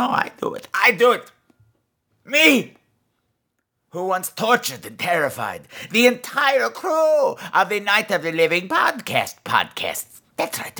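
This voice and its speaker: Petty gleeful gargoyle for a comedy podcast, high sharp voice, squeals then growls low. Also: male voice, heavily acted. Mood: ranting. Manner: gloating, swings between shrill squeals and low growls. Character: gleeful vicious male gargoyle, petty and boastful. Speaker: podcast host. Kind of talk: comedy podcast character monologue.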